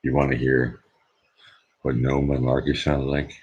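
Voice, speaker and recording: Male stream host, very deep and husky, slow, joking casual chat. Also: flat delivery, muffled recording. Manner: joking, talks quietly at times.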